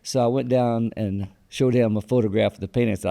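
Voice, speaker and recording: A man's voice: mid-range voice, fairly even intonation, a little fast, gravelly, mellow. A man, a guest in an interview, telling long anecdotes and quoting what others said, with fillers and restarts. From Texas. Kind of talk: storytelling interview.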